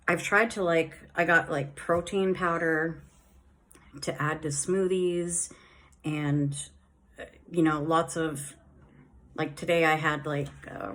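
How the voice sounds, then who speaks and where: Woman vlogger, lower voice, unhurried rambling delivery, slight S lisp from new dentures. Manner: rambling, many fillers and restarts. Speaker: vlogger sharing a dental recovery diary. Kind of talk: casual chat.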